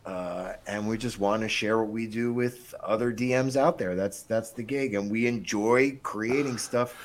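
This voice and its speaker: A man's voice: on the low side, normal speed. A man co-hosting a casual podcast about tabletop games, talking in an easygoing way. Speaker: podcast co-host, game master. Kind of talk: casual chat.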